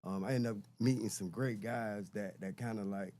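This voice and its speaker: A middle-aged man, a guest on a podcast, chats casually and reflectively in a fairly low, mellow voice. His tone stays steady at a normal speed, and he often repeats words while searching for the right one.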